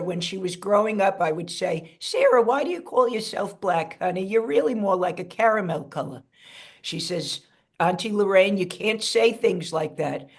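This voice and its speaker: Rich: A doting elderly great-aunt, as a woman puts her on, rambling through folksy asides. She sounds lost with modern gadgets and drifts off topic. Heard over a video call. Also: on the low side. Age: older. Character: elderly great-aunt, chatty and bewildered by technology.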